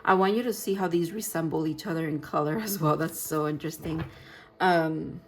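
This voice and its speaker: A woman giving a gentle, reassuring tarot reading, talking in loose, rambling sentences with restarts. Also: sits low, a little fast, slight background noise. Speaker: tarot reader. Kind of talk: pick-a-card tarot reading.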